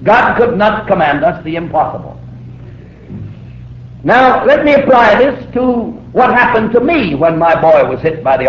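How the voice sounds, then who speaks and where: A middle-aged man preaching a sermon, telling a story vividly and acting out the voices in it. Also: on the high side. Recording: roomy, dull old recording with faint hiss.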